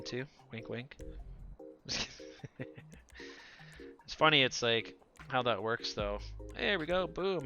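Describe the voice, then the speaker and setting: Guy in his 40s rambling on a stream, bright youngish voice that cracks now and then, kinda muffled audio. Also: mid-range voice. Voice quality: sounds younger than his age, voice sometimes cracks. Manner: chatty, laughs often, talks nonstop. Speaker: gaming live streamer. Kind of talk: casual live-stream chat.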